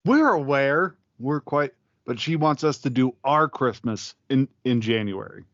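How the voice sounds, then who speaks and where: A man's voice: medium pitch, animated, measured pace, a bit bright, no echo, muffled recording. A man co-hosting a podcast, chatting casually in a laid-back, profane, bantering way. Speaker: podcast co-host. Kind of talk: casual comedic chat.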